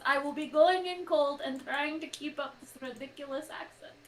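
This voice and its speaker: High-voiced giggly woman on a livestream. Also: a little hiss or hum. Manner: giggly, excitable, quick jokey asides. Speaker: podcast co-host on a charity stream. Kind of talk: casual livestream chat.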